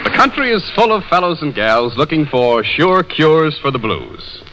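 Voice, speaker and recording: A man's voice: fairly high pitch, big pitch swings, heavy background noise. Wisecracking radio host man. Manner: quick, wisecracking and playful. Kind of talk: 1930s radio comedy banter.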